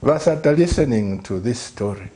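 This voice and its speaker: Earnest pastor with a dark voice. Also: male voice, mid-range voice, lively intonation, normal speed, a little hiss or hum. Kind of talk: earnest storytelling on a talk show.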